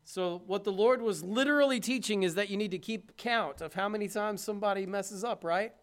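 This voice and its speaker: High-voiced man preaching. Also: fairly quick. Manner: conversational preaching, swings from loud emphasis to hushed; asks the congregation questions. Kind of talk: sermon.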